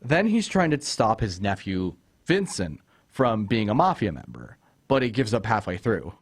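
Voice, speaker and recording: A man's voice: lowish voice, sing-song, moderate pace. A young man hosting a casual film review chat, ranting with exasperation about a character and retelling scenes. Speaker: host.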